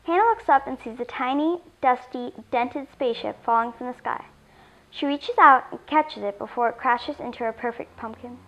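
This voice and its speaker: A woman reading a children's story aloud in an expressive storytelling voice. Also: on the high side, normal speed, muffled recording. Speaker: story reader.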